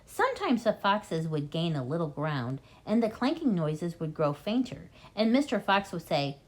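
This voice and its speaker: Female reading tutor, animated children's audiobook narration. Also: lowish voice, normal speed, hardly any pauses. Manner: expressive, lively storytelling.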